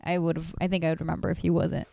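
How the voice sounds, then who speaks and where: A woman's voice: low-pitched, little pitch movement, fast, vocal fry, warm tone, no echo, studio quality. A young American woman co-hosting a podcast, telling stories in casual chat with lots of fillers and some swearing. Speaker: podcast co-host.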